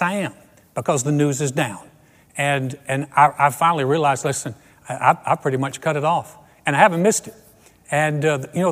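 Male pastor, earnest conversational sermon, repeats for emphasis, fairly high voice, echoing hall.

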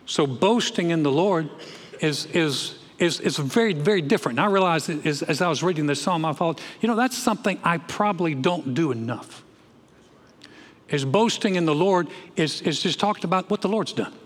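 A man, a pastor preaching a sermon in a church, folksy and animated, often repeating his words as he goes. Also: a little high, normal speed, big-room sound. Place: church sanctuary.

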